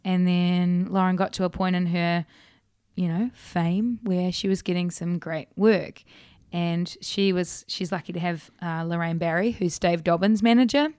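NZ woman, 30s, singer guest; bubbly storyteller, lots of fillers, smooth tone, close dry mic. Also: lowish voice, no echo. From New Zealand. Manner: chatty and animated, laughs often, many fillers. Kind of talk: casual interview chat.

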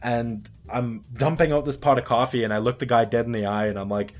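A young adult man telling a story in casual podcast chat, animated and swearing, acting out the quotes. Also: mid-range voice, brisk, soft background music. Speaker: podcast co-host.

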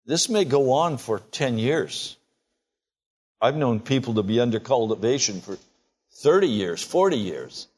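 An unhurried, husky, darkish voice belongs to a man in his sixties giving a sermon. He sounds animated and emphatic, and his pitch goes up when he acts out quoted prayers.

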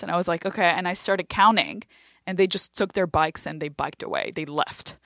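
A young adult woman from Lebanon, a comedian guest telling stories in a casual, animated, self-deprecating way. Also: lowish voice, a little fast, no echo, clean studio sound. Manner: animated, self-deprecating storyteller who acts out quotes. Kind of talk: casual conversational storytelling.

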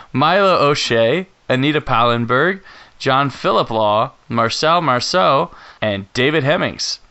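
Smooth-voiced man hosting a podcast. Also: mid-range voice, sharp tone, highs cut off. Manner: organized, informative, runs the show notes. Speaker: podcast host. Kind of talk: casual podcast chat.

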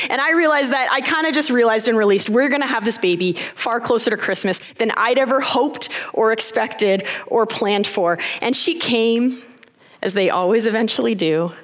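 A woman in her thirties giving a sermon, a little out of breath, telling a story with lively, self-deprecating humor. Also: on the high side. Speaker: pastor.

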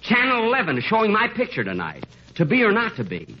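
An actor playing a vain, easily flustered star in an old radio comedy, with exasperated comic timing. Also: male voice, high voice, wildly swooping pitch, a little fast, slightly rough, exaggerated voice. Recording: muffled old radio broadcast with live studio audience.

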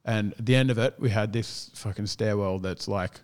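A man's voice: on the low side, normal speed. A man chatting casually as a gym owner, telling stories animatedly, swearing freely and acting out what people said. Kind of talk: casual chat.

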